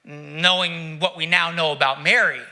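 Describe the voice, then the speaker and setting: A male pastor preaches with a high, sharp-edged voice. He asks rhetorical questions and leaves dramatic pauses between his reflective phrases. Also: fairly even intonation, gravelly. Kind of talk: sermon.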